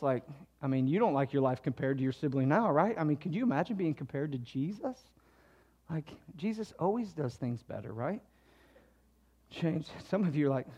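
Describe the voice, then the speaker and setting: Man, sermon, church, high-pitched, emphatic, casual asides. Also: breathy edge. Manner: animated preaching, swinging between low asides and loud emphatic passages. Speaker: pastor.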